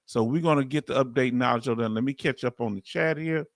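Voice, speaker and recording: Southern guy in his 50s chatting on a livestream, reads the comments out loud, dead dry mic. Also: medium pitch, quick pace, no echo. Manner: chatty, reads chat aloud, bursts of laughing excitement. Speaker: veteran livestream host. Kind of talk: casual livestream chat reading comments.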